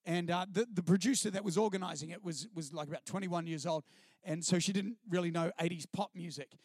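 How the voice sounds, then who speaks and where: A middle-aged man with a New Zealand accent tells his story from a church stage in an animated, self-deprecating style. His voice sits fairly high for a man. The sound is close and dry, with little room echo. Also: a little fast. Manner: animated, self-deprecating, chatty, often laughing. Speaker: guest speaker on a church stage. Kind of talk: personal testimony storytelling to a live audience. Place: stage before a live audience.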